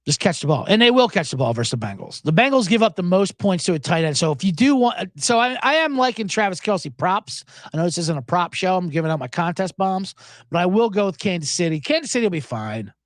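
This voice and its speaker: Animated rambling sports-betting host. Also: male voice, high-pitched, fast talker, no echo, studio quality. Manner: rambling, profane, sarcastic asides. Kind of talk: casual solo chat.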